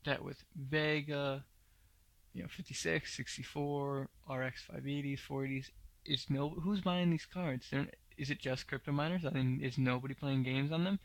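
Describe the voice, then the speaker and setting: A man's voice: mid-range voice, fairly even intonation, normal speed, gravelly, dry recording. A man hosting a tech news podcast, giving blunt, opinionated commentary with many fillers. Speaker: podcast host.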